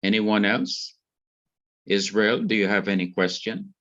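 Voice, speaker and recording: Slow, low-voiced Jamaican man teaching. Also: fairly even intonation, a bit bright, dull audio. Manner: slow, careful explanation of grammar rules. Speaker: Hebrew teacher. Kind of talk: online revision lecture.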